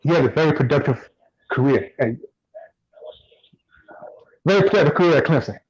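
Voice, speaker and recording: Relaxed man talking football, lo-fi. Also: on the high side, normal speed, slightly rough. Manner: relaxed, repeats himself while thinking. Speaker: podcast co-host. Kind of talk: casual sports chat.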